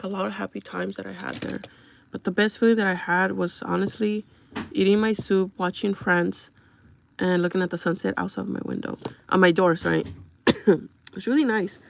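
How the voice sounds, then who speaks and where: Young woman with a vocal-fry rasp. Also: mid-range voice, slight background noise. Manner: chatty, confiding, blunt with trolls. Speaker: livestreamer. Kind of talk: casual livestream chat with viewers.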